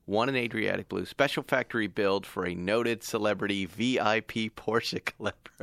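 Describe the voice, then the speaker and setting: A man hosting a casual podcast chat, telling stories and reading out details with lively energy. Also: lowish voice, normal speed, vocal fry, no room sound. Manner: animated storyteller, reads car specs aloud. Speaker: podcast host.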